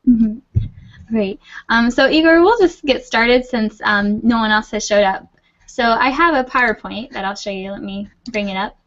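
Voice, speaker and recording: A woman's voice: on the high side, moderate pace, fairly bright tone, lo-fi sound. A woman teaching an English class over a video call, patient and reassuring. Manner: patient, reassuring, laughs often. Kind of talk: online class, friendly explaining.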